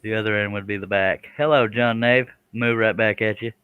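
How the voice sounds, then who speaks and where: A man's voice: lowish voice, steady tone, brisk, smooth, no echo, phone-quality sound. A man hosting a live stream in a casual, joking chat, reading out viewer comments. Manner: joking, chuckles, does silly animal noises.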